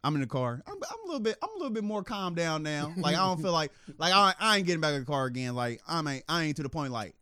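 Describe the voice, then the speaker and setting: Animated storyteller man, lively voice. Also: fast, few pauses, smooth, no echo, studio quality. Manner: animated, laughing, acts out quotes in a higher voice. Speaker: podcast co-host. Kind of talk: casual storytelling chat.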